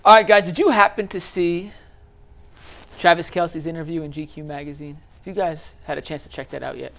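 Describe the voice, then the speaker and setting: A man with a somewhat high voice hosts a casual sports talk show. He leads the conversation and throws quick questions to his panel. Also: steady tone, creaky, a bit bright. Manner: steering the discussion, quick questions. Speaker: show host.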